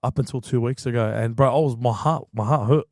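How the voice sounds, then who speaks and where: A man in his thirties, a podcast guest telling a heated story in a fast, slangy, repetitive way. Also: medium pitch, darkish tone, no room sound, clean studio sound. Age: 30s.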